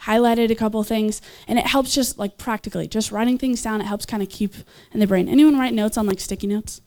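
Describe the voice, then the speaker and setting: A young woman giving a casual, enthusiastic sermon, chatting with laughs and fillers and jumping up in pitch when she voices others. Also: brisk. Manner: animated, leaps in pitch when voicing others. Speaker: speaker at a church gathering.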